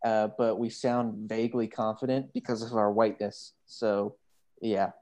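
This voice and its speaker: A man's voice: fairly low pitch, flat delivery, normal speed, a little mellow. A man co-hosting a casual podcast, joking around in a wry way. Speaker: podcast co-host.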